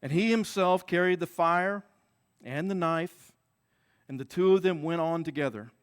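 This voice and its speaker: A man with a high-pitched voice preaching a Sunday sermon. He talks earnestly and circles back to repeat key words and phrases to drive them home. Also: normal speed, clear, resonant tone. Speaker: pastor.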